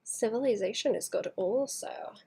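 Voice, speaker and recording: Woman, artist livestream, casual chat, soft muttering, half whispers, thinking aloud, home desk mic. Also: fairly high pitch, normal speed, slightly rough. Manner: thinks aloud, second-guessing her work. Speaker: artist streaming her painting.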